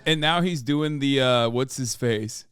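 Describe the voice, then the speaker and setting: A man streaming his reaction to a video, excitable and rambling and swearing a lot. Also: mid-range voice, a little slow, heavy background noise. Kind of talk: casual reaction commentary.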